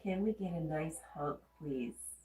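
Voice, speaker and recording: Here a stuffy-nosed livestream host with a Southern accent reads comments from viewers aloud and responds in a chatty, casual way. Her low, warm voice moves at a measured pace in a roomy-sounding space.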